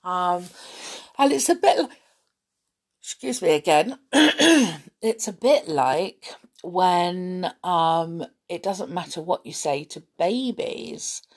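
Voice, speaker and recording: A woman reading a children's story aloud, gentle and chatty with asides. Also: fairly low pitch, animated, takes it slowly. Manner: gentle, chatty asides, clears throat often.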